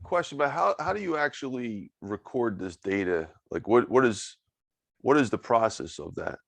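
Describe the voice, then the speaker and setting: Male interview host, gravelly voice, dry close sound, curious questioner. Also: mid-range voice, expressive, normal speed, no echo. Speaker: podcast host.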